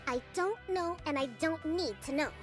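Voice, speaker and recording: A woman's voice: very high-pitched, normal speed. A woman voicing an indignant, dismissive young official in a game. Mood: scornful. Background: game music.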